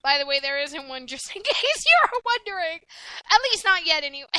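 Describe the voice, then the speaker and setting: A woman's voice: very high-pitched, big pitch swings, a little slow, sharp tone, dry recording, rough recording. A woman co-hosting a casual podcast, blunt and rowdy, swearing freely and often laughing. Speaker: podcast co-host. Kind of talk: casual profane chat.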